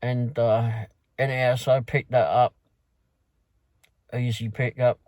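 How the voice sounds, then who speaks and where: A London food delivery driver casually recaps his night of work in a rambling way, full of fillers and restarts. His voice is mid-range and darkish with little pitch movement, his pace is measured, and the recording is dry.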